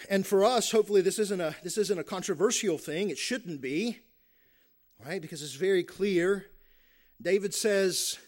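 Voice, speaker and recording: High-voiced man preaching a sermon. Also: normal speed, a little mellow. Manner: earnest preaching with repeated restarts and tag questions. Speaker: pastor.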